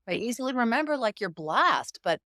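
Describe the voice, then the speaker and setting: A woman's voice: a little high, fairly quick, dry recording, clean studio sound. A middle-aged woman, a guest in an interview, telling stories with emphasis and acting out the quoted dialogue. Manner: animated, emphatic storyteller who acts out quoted dialogue. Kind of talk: conversational interview.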